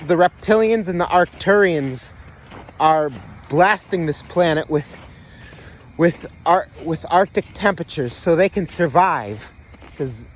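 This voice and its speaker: Slight background noise accompanies a vlogger's somewhat high voice, lively in intonation and measured in pace. Filming outdoors on a phone, he rambles profanely through a conspiracy monologue, repeating himself and starting sentences over.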